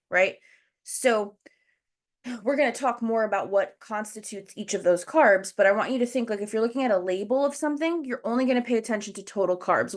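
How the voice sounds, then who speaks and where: Breathless woman host on a video call, chatty and explanatory, speaking straight to her viewers. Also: mid-range voice. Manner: chatty, explains step by step, addresses the chat. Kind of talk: casual educational livestream talk.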